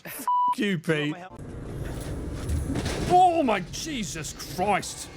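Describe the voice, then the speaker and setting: Excitable man, lively swearing streamer. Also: high-pitched, very slow, noisy background. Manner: excitable, swears a lot, laughs often. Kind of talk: casual gameplay commentary.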